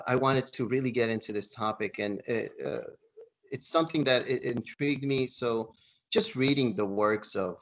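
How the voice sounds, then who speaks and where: A middle-aged man from the East Coast of the United States telling a personal story on a video call. He is animated and often lifts his voice when he quotes other people. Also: mid-range voice. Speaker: panel speaker.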